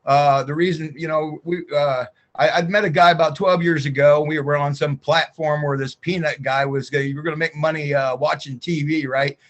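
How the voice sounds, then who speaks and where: Man with a kinda high voice on a call, chatty, trips over his words. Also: fairly even intonation, moderate pace, hardly any pauses, a bit bright, highs cut off. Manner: stumbling, chatty, repeats words. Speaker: caller on a video call. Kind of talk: casual story on a call. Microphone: video call.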